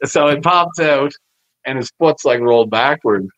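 A man spins rowdy backstage tales, jumping into the voices of the people in his stories and swearing freely. His voice sits at an ordinary middle pitch. The audio is dull and lo-fi, with a dry, close sound. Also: a little slow, dry recording. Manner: animated storyteller, acts out quoted voices with profanity. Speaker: podcast guest, former wrestler. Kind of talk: casual storytelling interview.

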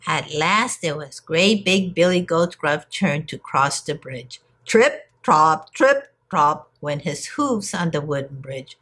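A woman teacher reading a picture book aloud to young children in an expressive storytelling manner. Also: deep voice, a little slow, few pauses, breathy edge.

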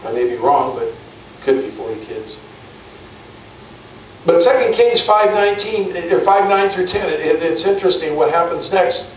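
A man's voice: a little high, lively intonation, normal speed, heavy reverb, distant mic, slight background noise, low-quality recording. A male pastor preaching a sermon in a conversational way, often restarting and repeating words.

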